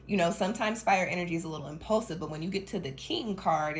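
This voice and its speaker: A woman's voice: sits low, slight background noise. A young woman from Denver giving a chatty, rambling tarot reading, laughing often. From Denver, Colorado. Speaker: tarot reader. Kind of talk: casual tarot reading monologue.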